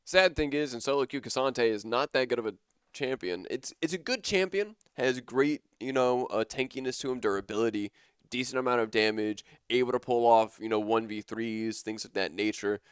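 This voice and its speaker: A man's voice: mid-range voice, normal speed, clean tone, no room sound, studio quality. Casual young male esports caster. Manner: casual, rambling, enthusiastic. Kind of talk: live esports commentary.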